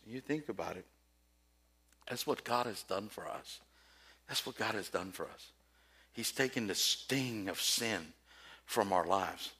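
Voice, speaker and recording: With a mid-range, breathy-edged voice, a male preacher delivers an impassioned sermon, moving between hushed storytelling and loud, building questions to the congregation.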